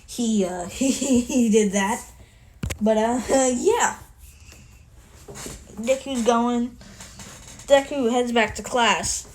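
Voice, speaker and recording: A woman's voice: fairly high pitch, drawn-out words, long pauses, a little mellow, a little hiss or hum. A tired woman casually retelling her fan story in a rambling way, with a lot of swearing and self-mockery.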